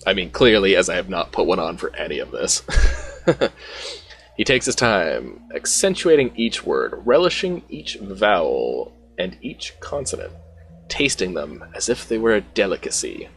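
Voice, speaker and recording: A man's voice: sits low, sing-song, unhurried, a bit bright, a little hiss or hum. A man hosting a let's play, making self-deprecating asides while reading a game aloud. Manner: self-deprecating asides between read lines. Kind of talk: casual gameplay commentary.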